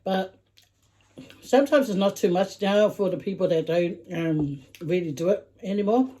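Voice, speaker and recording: A middle-aged woman with a mid-range, dark-toned voice talks at a normal pace, chatting casually and humming over her food. She's a vlogger eating with her daughter in a relaxed mukbang.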